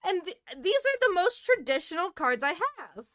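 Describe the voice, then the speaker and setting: A woman's voice: extremely high pitch, very animated, moderate pace, a bit bright, no room sound, studio quality. A young woman co-hosting a podcast, chatting casually, laughing often and swearing freely. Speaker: podcast co-host. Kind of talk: casual chat.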